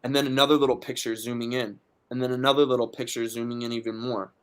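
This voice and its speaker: In a loose, profane podcast chat, a man from Philadelphia spins a story as the guest. He talks with an animated swagger and slips into his friends' voices to quote them. His pitch sits in an ordinary middle range for a man. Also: fast talker, clean tone.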